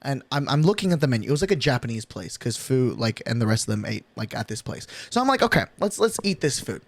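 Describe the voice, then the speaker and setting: A young man streamer telling a story in casual chat, animated and swearing a lot, from his bedroom at night. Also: mid-range voice, fast, no room sound. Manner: animated, swearing, excitable rant.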